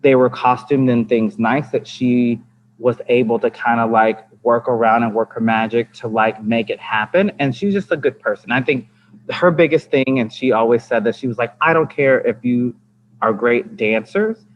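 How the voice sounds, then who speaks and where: A man's voice: mid-range voice, normal speed. A man and dance teacher on a podcast chatting casually, rambling with lots of fillers and restarts. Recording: slightly dull lo-fi with faint ambience.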